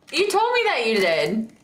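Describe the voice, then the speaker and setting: A giggly woman streamer chats casually on a livestream, teasing and breaking into laughter often. Her voice sits a little high. The sound has a roomy echo around it. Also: a bit bright, a little hiss or hum. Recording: echoey room.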